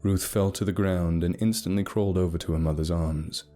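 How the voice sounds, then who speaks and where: A man narrating a scripted horror story in a steady, grave storytelling manner. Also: low voice, brisk. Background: soft music.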